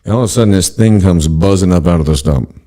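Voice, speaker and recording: Man, podcast host, deep mellow voice, rambling profane storyteller. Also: fast. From Pacific Northwest of the US. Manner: rambling, profane, laughs often. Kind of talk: casual storytelling chat.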